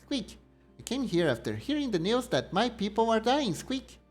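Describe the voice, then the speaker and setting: Man doing squeaky polite hedgehog knight. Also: big pitch swings, normal speed, full character voice. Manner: squeaky, courteous, peppers speech with squeaks.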